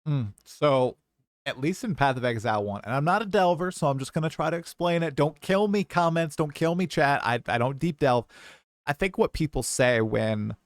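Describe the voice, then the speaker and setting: A man hosting a relaxed gaming podcast, talking in a middling pitch with a chatty, hedging way of explaining. The sound is close and dry, with no room echo. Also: moderate pace. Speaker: podcast host. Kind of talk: casual gaming podcast chat.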